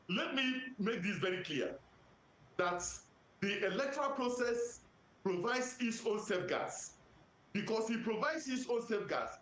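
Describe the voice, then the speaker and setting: A man with a Nigerian accent, an electoral commission official giving formal, measured answers to press questions and citing legal sections methodically. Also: high-pitched, a bit bright. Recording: roomy echo.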